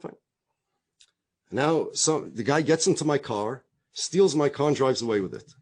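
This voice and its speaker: A middle-aged rabbi with a mid-range voice tells stories in conversation at an unhurried pace. He's an animated storyteller who acts out the quoted dialogue and repeats himself often.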